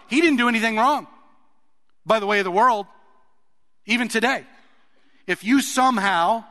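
A man's voice: high-pitched, pushed and bright. A man preaching a sermon in a conversational way, putting questions to his listeners. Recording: long reverb of a large hall.

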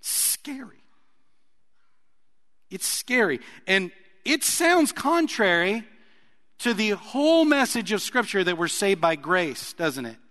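A man's voice: high-pitched, very animated, takes it slowly, pauses often, fairly bright tone. A man preaching a sermon in a conversational way, putting questions to his listeners. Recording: long reverb of a large hall.

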